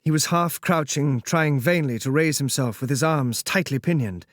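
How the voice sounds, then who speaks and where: A man narrating a classic novel in a measured, solemn reading. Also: fairly high pitch, dry recording, clean studio sound. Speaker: audiobook narrator.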